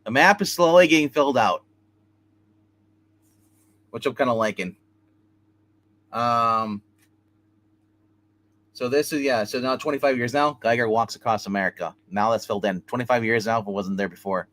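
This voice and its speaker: A man of middle pitch hosts a casual live stream, recapping a comic's plot in an animated way. He keeps slipping into the characters' lines as he tells the story. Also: moderate pace, pauses often. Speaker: comic book reviewer hosting a live stream.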